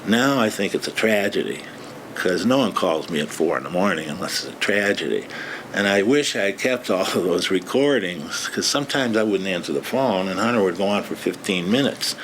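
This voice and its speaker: Low-voiced man, matter-of-fact recollection. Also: animated, normal speed, fairly bright tone, a little hiss or hum, poor audio. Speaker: interviewee. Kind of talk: reminiscing interview.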